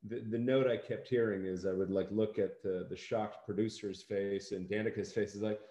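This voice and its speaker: An American man, an actor, chatting in an interview in a halting, rambling way with lots of fillers and dry humor. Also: fairly low pitch, fairly even intonation, mellow, reverberant. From United States. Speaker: actor interviewed about a film. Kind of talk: casual interview chat.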